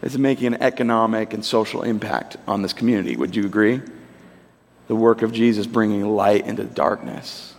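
A man in his thirties preaching a sermon in a conversational, animated storytelling way. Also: lowish voice, normal speed, creaky. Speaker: pastor. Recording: long hall reverb.

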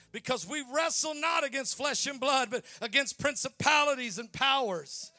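A man preaching a revival sermon in a strikingly high, sharp and bright voice. He shouts and drags out key phrases with fiery force. Faint music plays behind him. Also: expressive, moderate pace, dry recording.

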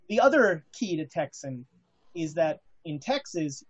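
Female host, low voice, hesitant delivery full of fillers, muffled sound. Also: very animated, a little slow, slightly rough. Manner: hesitant, many fillers and restarts. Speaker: podcast host. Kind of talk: casual chat.

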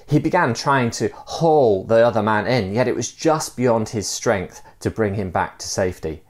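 A man delivers a sermon conversationally, telling a fable and using frequent fillers. His voice is on the low side and he speaks at a normal speed.

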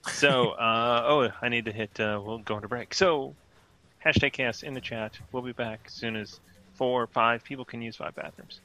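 A man's voice: mid-range voice, fairly even intonation, normal speed, sharp tone. Chatty male stream host. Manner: chatty, joking. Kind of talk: casual live-stream chat.

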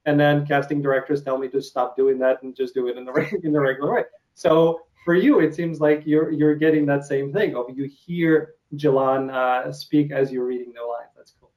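A man's voice: mid-range voice, steady tone, moderate pace, darkish tone, poor audio. A man from Ukraine with a Ukrainian accent, Russian his first language, interviewing an actor in a hesitant, filler-heavy casual chat. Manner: hesitant, many filler sounds and restarts.

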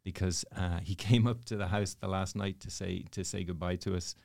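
A man's voice: deep voice, steady tone, normal speed, creaky, dry recording, studio quality. A man in his thirties with an Irish accent, a priest telling stories as a guest in a casual chat. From Ireland. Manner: storytelling, self-deprecating, soft-spoken.

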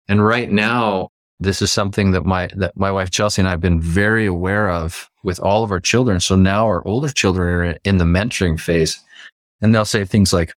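A man's voice: sits low, fairly even intonation, moderate pace, dry recording, studio quality. A man who is a life coach, speaking as a podcast guest and explaining ideas with acted-out examples. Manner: explanatory, acts out quoted dialogue. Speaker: football coach. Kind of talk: podcast interview.

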